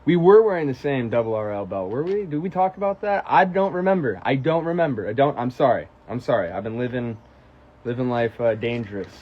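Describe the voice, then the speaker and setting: A young American man on a casual livestream, reading out fan questions and telling stories in a profane, animated way. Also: medium pitch, a little fast, lo-fi sound. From United States. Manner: profane, animated storytelling, answering chat questions. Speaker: musician on a livestream.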